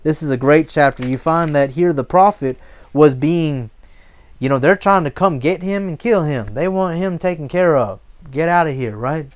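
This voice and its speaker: A man's voice: fairly high pitch, moderate pace. A man preaching a sermon, emphatic and asking the congregation call-and-response questions. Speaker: pastor.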